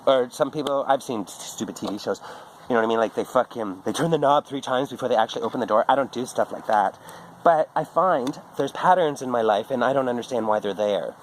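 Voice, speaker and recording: A man's voice: medium pitch, fairly quick, a little hiss or hum, low-quality recording. A middle-aged man, rambling through a casual, profane monologue full of restarts and asides. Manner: rambling, profane, self-interrupting. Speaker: vlogger.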